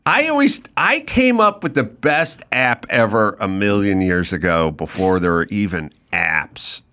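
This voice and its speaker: A man's voice: fairly low pitch, sing-song, measured pace, bright, forceful tone. A middle-aged man hosting a podcast, telling rambling comic stories and acting out phone voices. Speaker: podcast host. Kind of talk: casual comedic chat.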